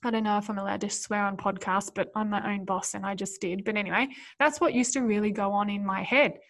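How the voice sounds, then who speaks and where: A woman's voice: medium pitch, fairly even intonation, fast talker. A woman hosting a solo podcast, coaching mothers in an earnest, encouraging way and speaking straight to her listeners.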